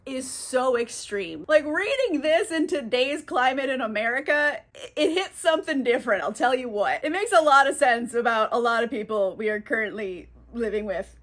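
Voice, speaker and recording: A woman's voice: sits high, lively intonation, moderate pace, a bit bright. A woman recapping a classic novel for her book vlog in a chatty, filler-heavy, swearing manner. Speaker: book vlogger.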